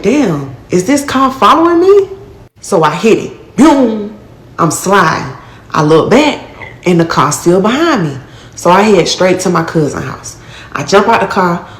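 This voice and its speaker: A woman's voice: on the low side, roomy sound. Profane woman telling her own story. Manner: blunt, profane street talk with acted-out quotes. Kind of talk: casual first-person storytelling.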